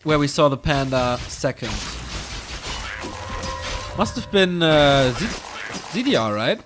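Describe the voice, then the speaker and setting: A man casting a strategy game on his own, calling the action in quick play-by-play and rambling casually to viewers between games. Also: fairly high pitch, noisy background. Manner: excitable play-by-play, drifting into loose rambling asides between games. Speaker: esports caster. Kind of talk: solo game commentary with casual chat.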